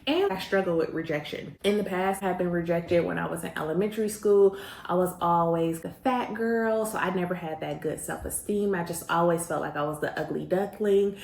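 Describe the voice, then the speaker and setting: A woman host telling a personal story in a lively, slangy way, acting out what people said. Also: lowish voice, brisk, gravelly, echoey room. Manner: animated, slangy, acts out quoted voices.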